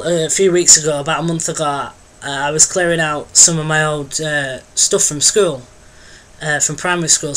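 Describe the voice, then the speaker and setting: A young man chatting through a casual video diary update. His voice sits a bit high for a man and sounds bright and edgy. He rambles and hesitates, restarting sentences and filling the gaps with ums. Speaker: vlogger.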